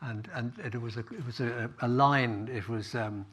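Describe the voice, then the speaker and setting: A man's voice: medium pitch, steady tone, normal speed, a bit bright, husky. A man hosting a casual interview, asking friendly, playful questions.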